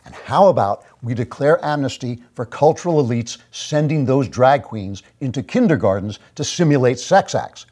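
A man's voice: medium pitch, lively intonation, normal speed, few pauses, a little mellow. A man hosting his own show, delivering a sarcastic, mock-grandiose commentary monologue. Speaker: host.

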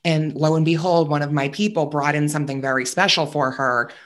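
Chatty man telling animated stories. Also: fairly high pitch, a little fast. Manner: animated storyteller, chatty with many fillers. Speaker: podcast guest. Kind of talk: casual chat.

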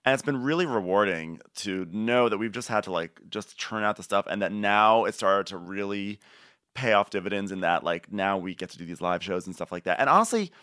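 A man's voice: on the low side, expressive, a little fast, a bit bright, clear, resonant tone, dry recording, studio quality. A man co-hosting a podcast in casual chat, rambling with lots of fillers. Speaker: podcast host.

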